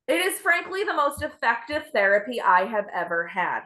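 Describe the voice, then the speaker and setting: A young woman performs stand-up with a bright, crisp tone. She jokes dryly at her own expense in a deadpan way. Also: fairly high pitch, moderate pace. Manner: self-deprecating, deadpan delivery. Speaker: stand-up comedian. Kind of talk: stand-up set.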